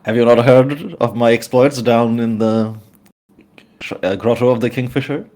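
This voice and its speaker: A man's voice: mid-range voice, fairly even intonation, moderate pace, darkish tone, close to an everyday voice. A man voicing a grandiose, power-drunk male cultist in a tabletop game. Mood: pompous. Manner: pompous, boastful.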